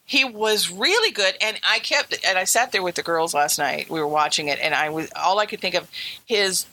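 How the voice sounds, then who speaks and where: A woman's voice: on the low side, animated, moderate pace, bright, forceful tone, slight background noise, poor audio. A woman co-hosting a casual podcast about a movie, chatty and enthusiastic, often repeating herself. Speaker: podcast co-host.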